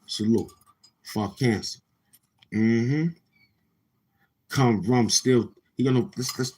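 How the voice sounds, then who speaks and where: Low-voiced man ranting on a livestream. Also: a little mellow, a little hiss or hum. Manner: loose, repetitive, with frequent restarts and mocking put-on quotes. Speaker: livestream host. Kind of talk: casual livestream rant.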